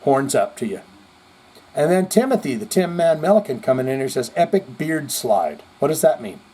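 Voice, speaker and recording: Man, podcast host, husky voice, slightly high, animated, profane, rambling chat. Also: normal speed. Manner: animated, swings between loud outbursts and mutters. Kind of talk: casual live-chat commentary.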